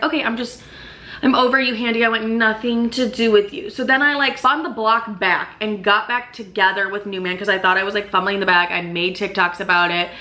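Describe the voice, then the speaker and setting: A young woman vlogging a casual storytime, animated and full of "like" and swearing. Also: medium pitch. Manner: swears a lot, animated, fills with "like".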